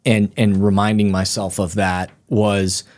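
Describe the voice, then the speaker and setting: A man's voice: on the low side, a little slow. A middle-aged man, a guest author, telling stories in a casual interview and acting out the people in them. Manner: animated storyteller, acts out quoted people.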